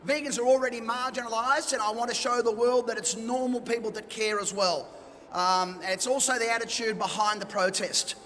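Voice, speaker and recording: A man's voice: very high-pitched, fairly even intonation, fairly quick, fairly bright tone. A middle-aged Australian man speaking at an event, telling personal stories in a chatty, self-deprecating way. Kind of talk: personal storytelling talk. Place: event hall. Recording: long reverb of a hall.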